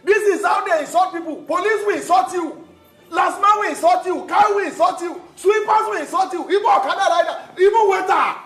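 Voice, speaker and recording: A man's voice: high-pitched, normal speed, faint music behind. An actor with a Nigerian accent playing a boisterous, old-fashioned Nigerian man in a restaurant comedy sketch who laughs a lot and takes offense easily. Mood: indignant.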